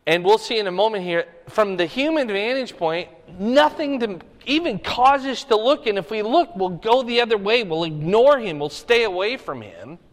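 High-pitched guy preaching, chatty explaining style, lots of "okay?", big echoey hall. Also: animated, normal speed, few pauses. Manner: conversational, explaining scripture with rhetorical checks. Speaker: pastor. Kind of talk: sermon.

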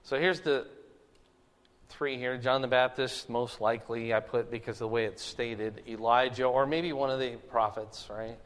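A man's voice: mid-range voice, steady tone, moderate pace, long reverb tail. A man teaching a Bible study in a conversational way, often checking in with his listeners with "right?" and "okay?".

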